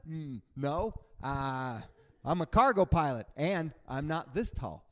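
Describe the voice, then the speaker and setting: A man doing a stand-up comedy set on stage, animated and acting out other people's voices. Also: fairly high pitch, normal speed. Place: on stage before a live audience.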